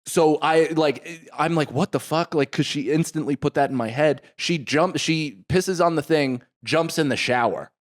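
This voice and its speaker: A man co-hosting a comedy podcast, telling a story in an animated way, acting out both sides and swearing freely. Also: a little high, normal speed, hardly any pauses.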